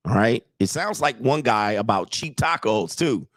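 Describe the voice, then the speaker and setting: A man's voice: lowish voice, animated, a little slow, a bit bright, no room sound. A man who works as a dating coach, giving blunt, mocking casual commentary on clips and talking straight to his viewers.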